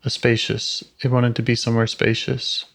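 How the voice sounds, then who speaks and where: A therapist guiding a session calmly, with short affirmations and gentle questions, over a video call. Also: medium pitch, moderate pace, gravelly. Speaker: IFS therapist.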